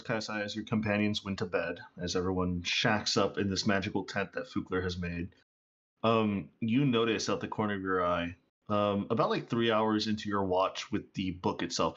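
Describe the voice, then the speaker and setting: Low-voiced male game master. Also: brisk, a bit bright. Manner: loose, filler-heavy narration. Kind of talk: narrating a tabletop game. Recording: dull lo-fi audio.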